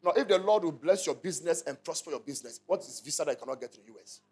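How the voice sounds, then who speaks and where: A man's voice: fairly high pitch, lively intonation, very fast, darkish tone, slightly rough. A male pastor with a Ghanaian accent preaching a sermon in an emphatic, repetitive style, often calling out to the congregation and repeating lines. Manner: repetitive, call-and-response, emphatic.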